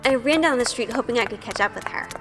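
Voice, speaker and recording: A shy, nervous young woman, voiced by an actress, tells her story in an earnest inner monologue, often questioning herself. Her voice sits a little high and carries a long reverb, with soft music underneath. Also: animated, fast talker, close to an everyday voice. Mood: self-conscious. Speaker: narrator. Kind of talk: first-person audio drama narration.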